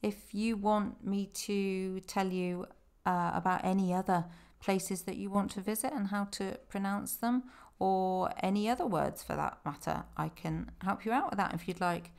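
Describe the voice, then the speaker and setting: A woman doing a voice-over that guides listeners through place names, explaining slowly and patiently with small fillers. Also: mid-range voice, vocal fry, a little mellow. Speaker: tour company presenter.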